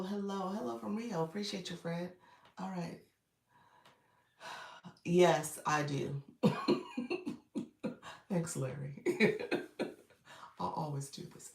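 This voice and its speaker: A woman coach chats casually and encouragingly with her livestream viewers, her voice still groggy from the morning. It sits low with a darkish tone, and she's far from the mic in an echoey room.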